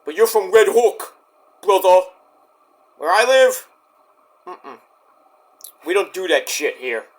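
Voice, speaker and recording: A man recapping a wrestling show in a casual, excitable rant, swearing often. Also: high voice, slow pace, pauses often. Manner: excitable, profane, storytelling rant.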